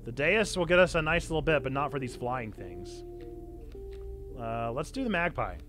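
A pastor giving excitable live-streamed gameplay commentary, now and then bursting into loud cheers. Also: male voice, mid-range voice, normal speed, soft background music. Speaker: pastor streaming a video game.

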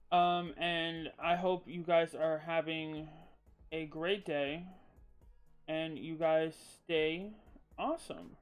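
A man's voice: fairly high pitch, clear, resonant tone. A man streaming live and chatting casually with viewers, rambling and swearing freely, a bit loopy after a sneezing fit.

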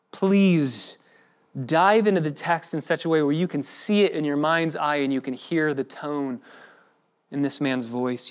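Male pastor with a slightly raised voice, preaching with feeling and voicing the quotes. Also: a little high. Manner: expressive preaching, acts out quoted speech. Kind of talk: sermon.

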